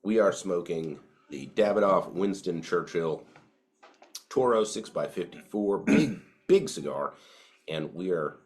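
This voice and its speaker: Sitting at a home podcast setup indoors, this man co-hosts a casual, profane chat over whiskey and cigars, using frequent fillers. He has a low, darkish voice, expressive and a little slow.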